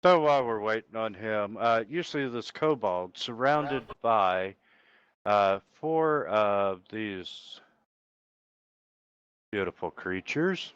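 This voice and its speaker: A man's voice: on the low side, lively intonation, slow pace, a bit bright, clear, resonant tone, no echo, dull audio. A man running a tabletop game as game master over voice chat, laid-back and teasing.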